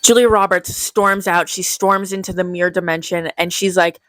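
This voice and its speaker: A woman's voice: on the low side, steady tone, normal speed, a bit bright, no room sound. Snarky young woman recapping a movie. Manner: snarky, sarcastic, profane. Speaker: movie commentary youtuber. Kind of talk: casual comedic movie recap.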